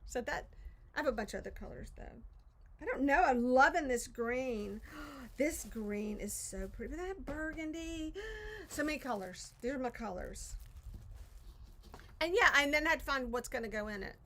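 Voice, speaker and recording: Speaking at a normal pace in a high, animated, slightly bright voice, a crafting vlogger talks casually during a livestream in her home craft studio. Her chat is rambling and self-deprecating, frequently drifting off before she finishes a thought.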